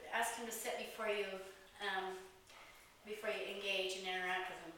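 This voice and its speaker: A woman dog trainer explaining and demonstrating with a relaxed, chatty manner and many fillers. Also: mid-range voice, moderate pace. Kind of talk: instructional demonstration. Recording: echoey, distant mic with hiss.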